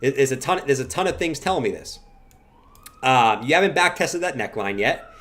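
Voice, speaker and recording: A man hosting a casual livestream who banters playfully with his chat, then talks through chart analysis, with sudden loud chanting bursts. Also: medium pitch, lively intonation, moderate pace. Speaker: livestream host.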